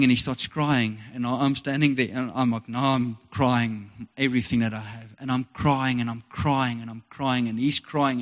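A South African man preaching a sermon as pastor, earnest and heartfelt, repeating his points. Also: medium pitch. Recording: dull lo-fi recording with long reverb.

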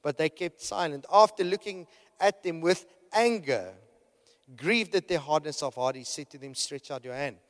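A man delivers a sermon with a fairly high voice that rings out through a hall with a long reverb tail. He speaks with emphasis, restarting and repeating phrases as he drives his points home. He keeps turning to the room with rhetorical check-ins. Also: expressive, normal speed. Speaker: preacher.

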